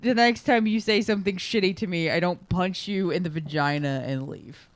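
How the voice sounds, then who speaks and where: A woman's voice: on the low side, normal speed, no room sound. Blunt, swearing young woman. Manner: blunt, swears freely, laughs often. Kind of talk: casual chat.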